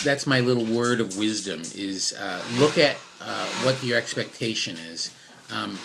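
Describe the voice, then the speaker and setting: There's a lot of background noise as this middle-aged man, voice medium-pitched with vocal fry, sits at home with his dog. He gives offhand life advice without a script, wandering through fillers, false starts and jokes at his own expense.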